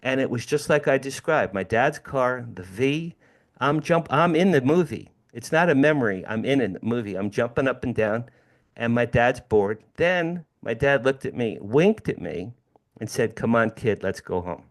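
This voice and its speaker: Man, 60s, from New Jersey; guest speaker, lively storyteller who repeats key phrases and addresses the room. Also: medium pitch, moderate pace. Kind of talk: personal storytelling talk.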